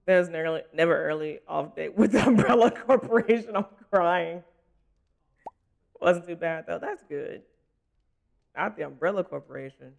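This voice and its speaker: A man's voice: on the high side, moderate pace, vocal fry, pauses often. A man livestreaming a game, chatting casually with viewers and laughing often. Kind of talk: casual gaming stream chat.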